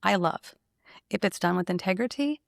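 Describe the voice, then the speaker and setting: A woman who owns a salon, telling an emotional personal story in an animated, conversational way and laughing often. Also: medium pitch, normal speed, vocal fry, dry recording, clean studio sound. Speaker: salon owner.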